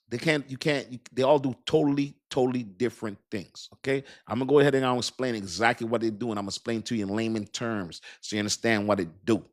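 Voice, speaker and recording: A man's voice: fast talker, few pauses. A man in his fifties hosting a crypto channel, explaining to viewers in a casual, repetitive way and often checking that they understand. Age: 50s. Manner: mimics doubters in a higher voice.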